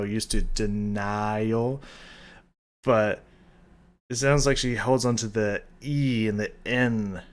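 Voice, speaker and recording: Rambling, enthusiastic man reacting to a song. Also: lowish voice. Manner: enthusiastic, rambling, hums melodies, swears casually. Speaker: music reaction channel host. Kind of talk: casual song reaction and analysis.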